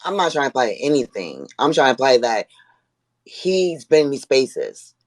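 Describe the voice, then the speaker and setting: A woman's voice: very deep voice, big pitch swings, no echo. Rambling caller, a woman from Buffalo. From Buffalo, New York. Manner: rambling, halting, many fillers. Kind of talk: heated call-in debate.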